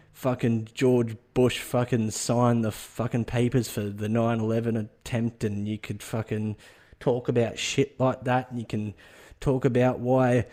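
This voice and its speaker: A man's voice: mid-range voice, dark tone. Sweary, rambling man. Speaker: podcast host. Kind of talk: comedic rambling monologue.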